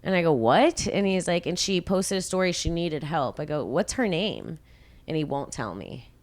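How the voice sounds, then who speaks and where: A woman in her thirties hosting a podcast, telling a story casually and profanely, acting out quotes. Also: moderate pace. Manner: animated, profane, acts out quotes with big pitch jumps. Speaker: podcast host.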